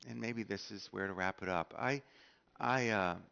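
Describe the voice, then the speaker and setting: A man's voice: fairly low pitch, normal speed, vocal fry, bright, forceful tone, clear, resonant tone, dull audio. A middle-aged man preaching a sermon in a church, telling stories with lots of fillers and restarts and acting out what people said. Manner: storytelling, acts out quoted speech with many fillers and restarts. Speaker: pastor. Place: church sanctuary.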